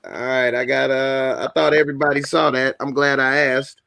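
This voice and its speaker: Brief: laid-back male host, raspy fry, dry close sound. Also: mid-range voice, normal speed, no echo. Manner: relaxed, loose slang. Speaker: show host. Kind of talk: casual TV review chat.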